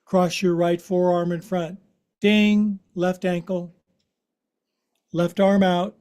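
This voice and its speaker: A man's voice: high voice, monotone, slow pace, warm tone. A man in his sixties leading a guided yoga class, giving instructions in a playful, joking, chatty way. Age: 60s. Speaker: yoga teacher.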